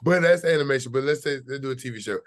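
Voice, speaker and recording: An American actor, appearing as an interview guest, tells his story in a relaxed, easygoing way, full of fillers. His mid-range voice races along, and the recording is dry.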